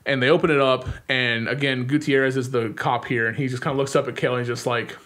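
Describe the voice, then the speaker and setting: A young adult man co-hosting a podcast, retelling a film's plot in casual chat, full of "like" fillers and quick acted-out lines. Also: medium pitch, fairly even intonation, fairly bright tone. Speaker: podcast co-host. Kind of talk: casual movie recap.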